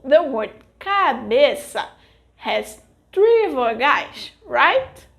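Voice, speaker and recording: A Brazilian woman, a native Portuguese speaker, teaching a scripted language lesson in a clear, deliberate way. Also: high-pitched.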